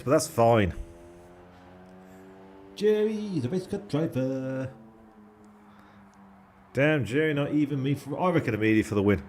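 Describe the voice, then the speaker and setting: A man's voice: on the high side, expressive, a little slow, pauses often, a little mellow, faint music behind. A young man commentating a sim race on a live stream, chatty and jokey, with casual swearing and thanks to subscribers.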